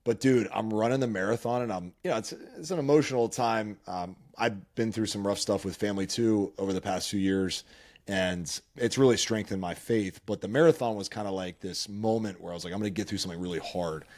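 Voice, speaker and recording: Male podcast host, lowish voice, earnest and emotional, loose conversational delivery. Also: a little fast, darkish tone. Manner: earnest, emotional storytelling with many restarts. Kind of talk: casual chat.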